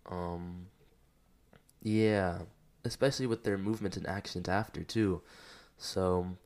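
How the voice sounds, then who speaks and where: Near tears, a podcast host opens up about his struggles in a personal, reflective monologue. His voice is low-pitched and darkish, and he rambles candidly with lots of fillers.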